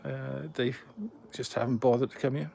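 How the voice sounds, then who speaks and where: Older man, sixties, gravelly voice, casual vlog chat, rambling, self-mocking. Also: mid-range voice, steady tone, moderate pace, dark tone. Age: 60s. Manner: rambling, self-deprecating, full of restarts. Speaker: vlogger.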